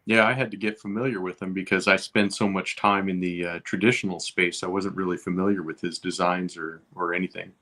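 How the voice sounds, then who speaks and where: Man, lowish voice, easygoing guest, casual chat, lots of uh and you know. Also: steady tone, fairly quick, hardly any pauses, pushed and bright.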